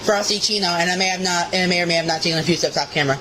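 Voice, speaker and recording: A food-review vlogger voice, upbeat and brisk as she hands out quick scores. The clip carries a clear layer of background noise and ambience under her. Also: fairly low pitch. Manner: upbeat, rating items out of ten.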